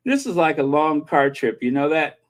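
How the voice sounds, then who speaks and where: A channel host chatting casually, opinionated and breaking into snatches of old TV theme songs. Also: medium pitch. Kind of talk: casual chat.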